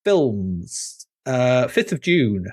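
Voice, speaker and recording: A man's voice: mid-range voice, very animated, drawn-out words, no room sound. Wry man, close and dry. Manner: wry, laughs easily. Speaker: podcast co-host. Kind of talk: casual chat.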